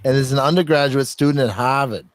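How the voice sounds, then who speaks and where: A man's voice: medium pitch, fast talker, slight background noise. A man hosting a podcast in casual chat, reading contributor bios aloud in a rambling, joking way that is full of swearing and laughter. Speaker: podcast host.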